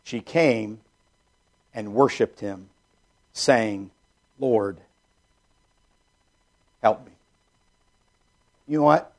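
A man preaching a sermon in an earnest, repetitive way, dropping soft and low when he voices a prayer. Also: gravelly.

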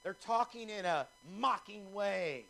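A man's voice: high-pitched, lively intonation, a little slow, fairly bright tone, low-quality recording. A man preaching a sermon, reading scripture aloud with theatrical emphasis and leaning hard on single words.

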